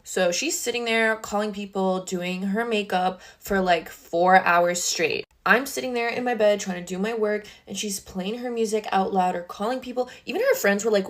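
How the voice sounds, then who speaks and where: A woman's voice: medium pitch, normal speed, few pauses. A young woman talking casually and in an exasperated tone from her bedroom makeup table. She tells a storytime vlog and fills it with lots of filler words. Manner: chatty, exasperated, heavy use of filler words. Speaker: social media creator.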